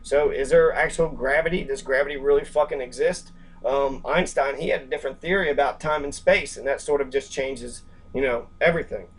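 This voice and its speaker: A man's voice: mid-range voice, a little fast. A man reading a book passage aloud and commenting on it casually, rambling and swearing, with many fillers. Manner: acts out quoted characters in brief voices.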